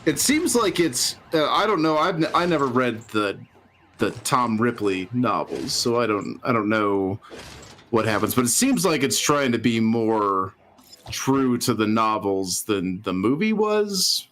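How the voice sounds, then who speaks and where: A man's voice: medium pitch, animated, a little slow, a bit bright, a little hiss or hum. Rambling male podcast co-host. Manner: rambling, with frequent restarts and chuckles. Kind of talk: casual chat.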